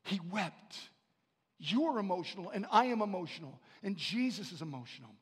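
A high-pitched man preaches a sermon in a church hall, and his words trail off into a long reverb. He moves between quiet, intimate passages and loud, rising calls, and he repeats phrases to drive them home. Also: very animated, quick pace, breathy edge. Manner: swings from hushed to loud preaching. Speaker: pastor.

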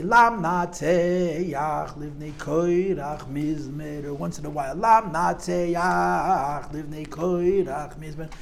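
An older man recounts memories to a live audience in a vivid, demonstrative storytelling manner, peppering his talk with Yiddish and Hebrew words. His voice sits high and has a rough, gravelly edge. A faint hiss of noise lies under the recording. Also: a little mellow.

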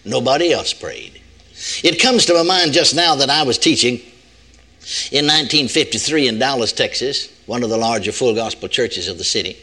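A man's voice: mid-range voice, moderate pace, pushed and bright, husky. An older man preaching a sermon that tells a story, with a folksy, emphatic manner and plenty of repetition.

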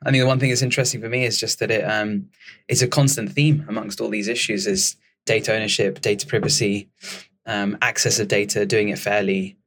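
A man's voice: fairly low pitch, fairly even intonation, brisk, a bit bright. A man who is a startup cofounder, guesting on a podcast and talking earnestly with frequent fillers. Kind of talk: casual podcast chat.

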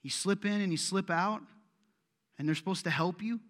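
A man preaching a sermon as pastor, animated and putting pointed questions straight to the congregation in a church. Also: sits high, moderate pace, long reverb tail. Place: church sanctuary.

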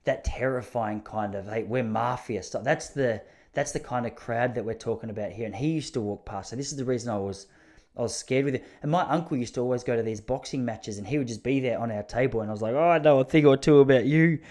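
An Australian man telling funny stories in a loose, meandering way, often poking fun at himself. His voice sits at an ordinary mid pitch. He sounds casual and chatty, like he is talking to listeners on a podcast. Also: fast talker, darkish tone. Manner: rambling, self-mocking, chatty. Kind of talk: casual comic storytelling monologue.

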